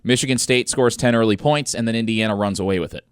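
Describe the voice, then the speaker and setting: A young man hosting a college sports radio show, giving energetic, opinionated commentary with emphatic stresses. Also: lowish voice, quick pace, smooth, dry recording, clean studio sound.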